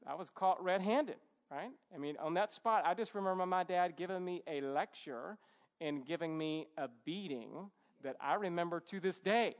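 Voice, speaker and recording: A man's voice: high-pitched, normal speed. A man preaching a sermon in a conversational way, with humorous asides and rhetorical questions to the congregation. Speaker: pastor. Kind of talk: expository sermon. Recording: dull, echoey church hall sound.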